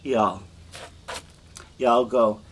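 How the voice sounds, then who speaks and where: A man teaching a Spanish class, slowly repeating verb forms for students to echo. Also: mid-range voice, fairly even intonation, fairly bright tone, a little hiss or hum. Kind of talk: classroom lesson with drills.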